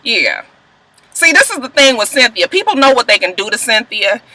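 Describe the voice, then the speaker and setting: High, bright-voiced woman ranting bluntly. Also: very animated, moderate pace, no room sound, rough recording. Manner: blunt, profane and emphatic. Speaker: reality TV recap vlogger. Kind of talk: casual recap commentary.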